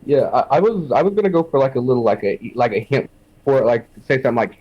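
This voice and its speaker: A man on an indie game team telling quick anecdotes in casual chat and quoting what others said. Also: mid-range voice, lo-fi sound. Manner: fast storytelling, quoting others.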